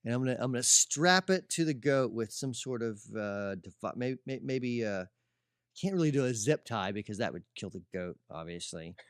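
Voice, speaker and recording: A man's voice: mid-range voice, expressive, moderate pace, smooth, no echo, studio quality. A man from Indiana with a slight drawl, co-hosting a casual podcast chat, joking and laughing often. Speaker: podcast co-host.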